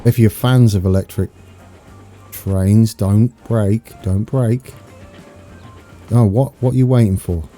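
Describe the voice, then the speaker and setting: British guy streaming a game, low mellow voice, super excited and chatty, bit of music behind. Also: takes it slowly, long pauses. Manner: excitable, chatty, talks to viewers. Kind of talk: live gameplay commentary.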